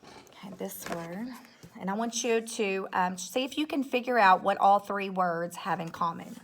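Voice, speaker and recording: A woman's voice: medium pitch, a little slow. Woman teacher doing a phonics lesson for little kids, patient, step by step, keeps checking in. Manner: patient, explains step by step, frequent "okay?" checks. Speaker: third grade teacher. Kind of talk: recorded classroom phonics lesson.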